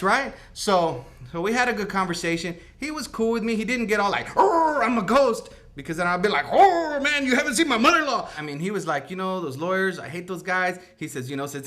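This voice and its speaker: Guy doing a slangy night-shift janitor, rambling, bright punchy voice. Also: high voice. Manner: rambling slangy talk, lots of "like" and "right?". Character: laid-back slangy young male night-shift janitor. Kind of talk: comic mock-news interview.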